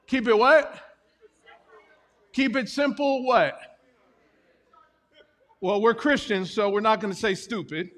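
A man's voice: sits high, lively intonation, a little slow, pauses often, a bit bright, big-room sound. A male pastor preaching a sermon, joking and calling out to his congregation, still catching his breath. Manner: jokey, talks with the congregation, asks for responses.

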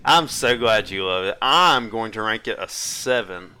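A man in his twenties co-hosting a casual movie-review podcast, telling stories in an animated way and laughing often. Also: on the low side, measured pace, clear, resonant tone. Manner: animated storyteller who acts out quotes and laughs often. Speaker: podcast co-host.

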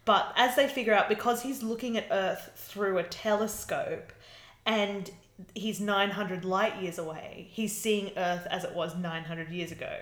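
A woman on a casual podcast recaps an episode, laughing often and swearing freely. Her voice sits at a middle pitch. It carries a roomy echo. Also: measured pace. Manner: laughs often, swears, acts out characters in quotes. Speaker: podcast co-host.

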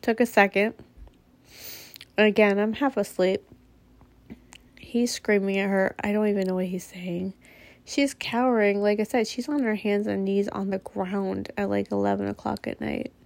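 A woman's voice: mid-range voice, steady tone, moderate pace, creaky, no room sound. A mother telling a personal story in a casual, candid way. She speaks bluntly and swears freely.

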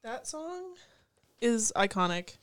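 Blunt, swearing young woman, smooth voice. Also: on the high side, big pitch swings, no room sound. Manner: blunt and profane, quick to laugh. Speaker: podcast co-host. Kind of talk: casual chat.

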